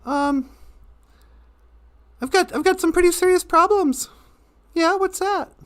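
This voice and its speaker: A woman's voice: extremely high pitch, slow pace. A woman voicing a timid little teddy bear. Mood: worried. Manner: timid, hesitant, stammering. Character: small lost worried teddy bear, male.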